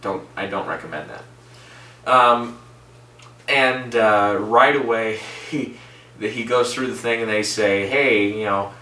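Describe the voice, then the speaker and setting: A man's voice: fairly low pitch, slow, pauses often, pushed and bright. A man giving a casual, rambling spoken movie review, opinionated and chuckling at himself now and then. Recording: echoey room, mic at a distance.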